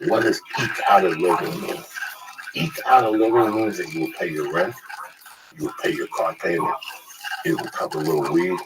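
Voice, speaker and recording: A man's voice: low-pitched, steady tone, moderate pace, far from the mic. A man in casual profane chat, telling blunt stories with acted quotes about hustling. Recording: noisy recording.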